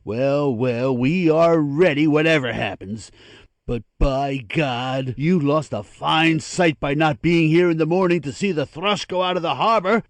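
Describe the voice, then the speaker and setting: A loud, blustering older naval father, played by a man bursts out in a fairly high voice. He is eager and swears freely in an audiobook drama. The sound is dry and close. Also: unhurried, no room sound. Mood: boisterous.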